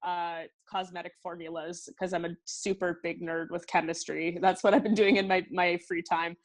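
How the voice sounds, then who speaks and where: A woman's voice: lowish voice, flat delivery, normal speed. A woman in her thirties with a Canadian accent, a singer chatting freely as an interview guest, laughing often and filling with "like". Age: 30s. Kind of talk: casual interview chat.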